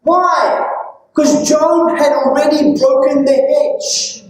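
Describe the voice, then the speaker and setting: A woman's voice: sits high, fairly even intonation, takes it slowly, darkish tone. A woman preacher giving a sermon, often asking questions to engage her listeners and stressing her points. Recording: very echoey hall, distant mic.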